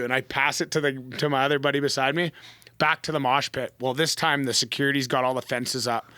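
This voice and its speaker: A man, a pro athlete guest on a podcast, telling a story in a casual, animated way, full of "like" fillers. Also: medium pitch, fast, dry recording. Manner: animated, heavy use of "like" fillers.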